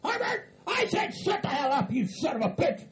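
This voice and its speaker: A man voicing a paranoid, furious hillbilly who yells curses nonstop in a raspy, screeching voice. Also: very high voice, big pitch swings, normal speed, slight background noise, pitched above the performer's own voice. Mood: ranting. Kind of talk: hobby comedy skit acting.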